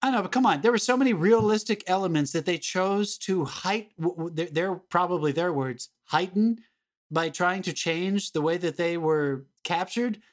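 Brief: male podcast co-host, raised pitch, emphatic and exasperated, frequent cursing. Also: moderate pace. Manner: emphatic, exasperated, swears often. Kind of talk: casual film-review chat.

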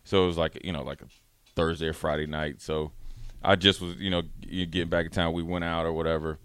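A deep-voiced man with a smooth, resonant tone hosts a radio talk show. He tells a funny bar story casually and with lots of animation. He slips in and out of his friends' voices as he goes, and the sound is close and dry. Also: flat delivery, brisk, fairly bright tone, no room sound.

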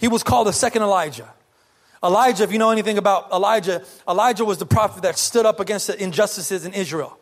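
High-voiced pastor preaching lively. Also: male voice, fast. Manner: lively, conversational preaching with rhetorical questions. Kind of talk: sermon.

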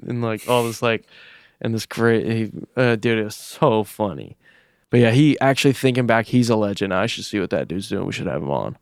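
A man's voice: lowish voice, a little fast, dry recording, clean studio sound. A young man co-hosting a podcast, telling a rambling story in casual chat and swearing freely. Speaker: podcast co-host.

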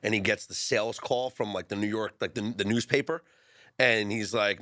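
A man's voice: lowish voice, fairly even intonation, normal speed, a bit bright, no room sound, studio quality. A man co-hosting a sports radio show, bantering casually and acting out movie lines when he retells scenes.

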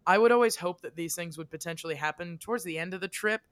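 A theatrical, jokey man from the Midwest co-hosts a casual podcast chat. His voice sits high and bright, with a smooth, crisp tone. The sound is dry and close. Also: fast talker, no echo. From American Midwest. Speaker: podcast co-host.

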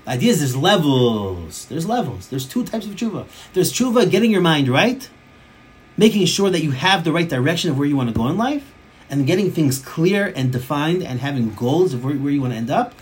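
A man's voice: fairly high pitch, big pitch swings, fairly quick. A man teaching a Torah class as a rabbi, emphatic, often repeating phrases for stress and mixing in Hebrew and Yiddish terms.

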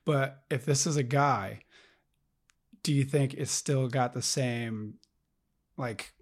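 A man's voice: mid-range voice, slow. A man co-hosting a casual movie review podcast, laid-back, laughing often and mocking lines from the film. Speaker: podcast co-host.

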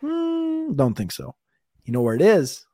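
A man's voice: mid-range voice, lively intonation, normal speed, mellow, husky, no room sound, clean studio sound. A man co-hosting a fantasy football draft show, talking through picks in a rambling, casual way, sometimes stuttering on names. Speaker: podcast co-host.

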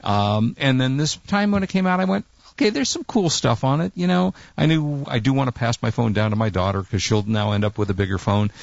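A man co-hosting a casual talk show, spinning a long story with animated, exasperated quoted lines. His voice sits at a middling pitch. The sound is dull and lo-fi, close and dry with no room echo. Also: gravelly. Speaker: co-host.

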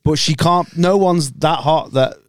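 A man's voice: on the high side, measured pace, a crowd in the background. Jokey laddish man. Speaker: podcast host. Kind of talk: casual banter.

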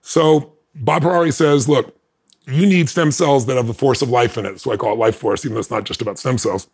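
A man who is a podcast guest, telling a personal story in an animated way. He laughs between lines and acts out what other people said. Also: medium pitch, a little fast, husky.

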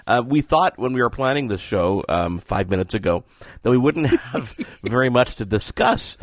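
A man's voice: mid-range voice, lively intonation, moderate pace, no room sound, studio quality. A man filling in as host of a casual podcast, joking about himself and laughing often. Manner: playful, self-mocking, laughs often.

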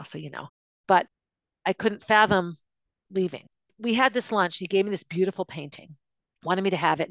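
A woman's voice: medium pitch, no echo. A woman hosting a podcast, telling her own life story in an emotional, confiding way that often restarts mid-sentence. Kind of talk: personal storytelling monologue.

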